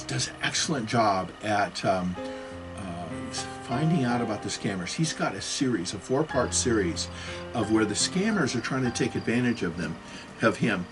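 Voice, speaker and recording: A man's voice: medium pitch, a bit bright, low-quality recording. A middle-aged man giving a casual talk on computer security, with joking, self-mocking asides.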